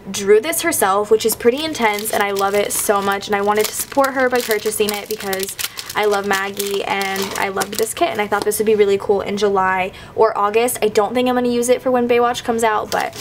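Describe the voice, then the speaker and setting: A woman's voice: mid-range voice, slight background noise. A young woman vlogger, talking casually and upbeat, showing off stickers with many "um"s and "like"s. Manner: chatty and upbeat, often saying "like" and "um". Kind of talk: casual chat.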